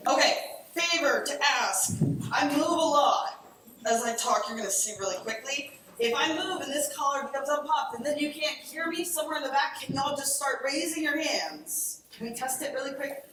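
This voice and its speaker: A woman from Cleveland giving an energetic, chatty conference talk on a lapel mic in a large lecture hall. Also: high-pitched, a little fast, a little hiss or hum. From Cleveland, Ohio. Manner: animated, chatty, acts out quoted friends. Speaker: conference speaker. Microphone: collar lapel mic. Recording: very echoey hall, distant mic.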